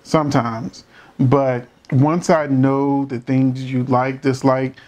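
A man's voice: mid-range voice, takes it slowly. Emphatic man giving blunt opinions. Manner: animated, emphatic, rhetorical questions; holds back from cursing. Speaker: commentator reacting to a court show. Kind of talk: casual opinionated commentary.

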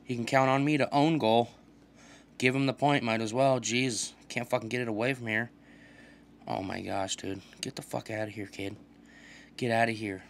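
A young man talks through a video game as he plays, in a casual commentary style. He swears constantly and trash-talks his opponents with excitable energy, his voice sitting at an ordinary middle pitch. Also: moderate pace, a little hiss or hum. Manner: profane, excitable trash talk. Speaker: gaming channel host.

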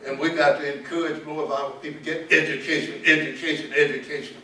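An older man with a Southern US accent, a pastor speaking to students in a preaching style, repeating key words and slowing down for stress. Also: a little high, fairly even intonation, bright, forceful tone. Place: large auditorium. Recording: echoey hall, distant mic, light noise.

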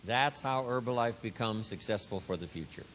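A man addresses a hall of distributors in an earnest speech. He speaks deliberately, in short pieces. The recording carries a long hall reverb and a faint layer of background noise. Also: medium pitch, fairly bright tone. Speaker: company leader addressing distributors.

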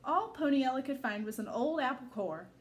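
A school staff member, a woman, reading a children's picture book aloud in an expressive storytelling manner. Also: high-pitched, fairly quick.

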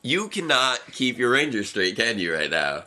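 A man's voice: mid-range voice, big pitch swings, normal speed, bright, forceful tone. A young man co-hosting a casual reaction chat, rambling and restarting his sentences and laughing often. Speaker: co-host reviewing episodes.

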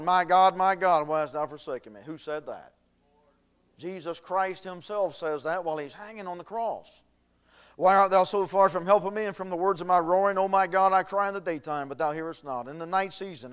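A man's voice: sits high, smooth. A male pastor preaching a sermon, reading scripture aloud and building in intensity. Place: church.

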